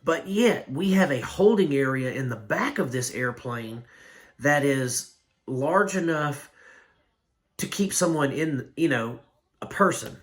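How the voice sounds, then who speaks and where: A man giving a casual spoken film review, blunt and rambling, with animated complaints. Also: medium pitch, slow pace. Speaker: movie reviewer.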